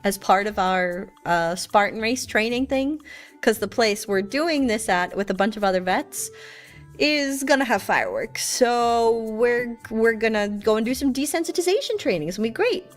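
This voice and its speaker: A woman's voice: a little high, lively intonation, normal speed, soft background music. A young woman streamer chatting casually with viewers, playful and teasing as she tells stories.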